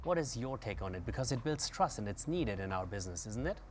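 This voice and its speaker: A man's voice: lowish voice, very animated, fast talker, slight background noise. A man co-hosting an interview who chats agreeably, asks questions and gives short answers. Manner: conversational, agreeable, brief answers. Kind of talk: interview chat.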